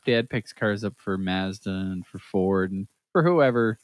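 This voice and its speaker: With a low-pitched voice and a measured pace, this Canadian podcast co-host recounts a story during relaxed conversation. He's animated, laughs frequently, and performs other people's lines; there's no room sound.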